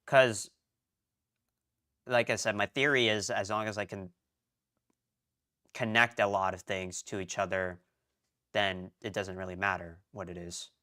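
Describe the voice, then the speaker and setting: A man's voice: on the low side, fairly even intonation, measured pace, pauses often, bright, forceful tone. Rambling, muttering young man streamer. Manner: rambling, talks to himself, many restarts and mutters. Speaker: streamer studying a language. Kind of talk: casual live-stream chatter.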